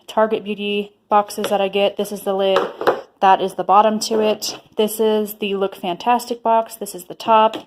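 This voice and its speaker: A woman's voice: medium pitch, a little hiss or hum. A young woman in her twenties vlogging casually at home, chatty and rambling with lots of fillers. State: slightly out of breath. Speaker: lifestyle vlogger. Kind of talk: casual vlog chat. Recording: echoey room.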